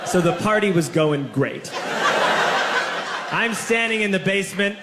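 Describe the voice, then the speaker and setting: A young adult man telling a stand-up story on stage, animated, shouting punchlines and acting out quotes. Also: fairly high pitch, measured pace. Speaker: stand-up comedian. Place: stage before a laughing audience. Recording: echoey room with loud audience noise.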